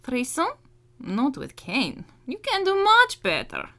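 A cheeky male roommate, read by a woman drops slow, deadpan jokes. The voice sits slightly high, and the pitch moves in a lively way. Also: creaky, exaggerated voice. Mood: teasing.

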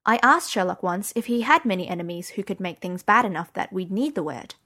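A woman's voice: medium pitch, animated, fairly quick, bright, forceful tone. A woman narrating a story in the first person, conversational and wry. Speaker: audiobook narrator.

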